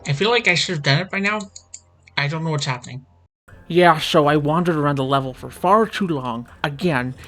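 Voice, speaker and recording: Speaking into a desk mic at his computer, a gaming channel host comments on his playthrough and grows steadily more exasperated, ranting to himself. He has a fairly high-pitched, slightly bright male voice.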